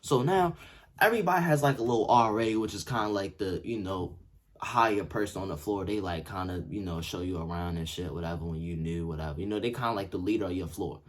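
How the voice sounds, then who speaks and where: A young man telling a story in a casual, slangy way, swinging from yelled quotes to low mutters. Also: fast. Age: young adult. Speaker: vlogger. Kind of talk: animated storytime.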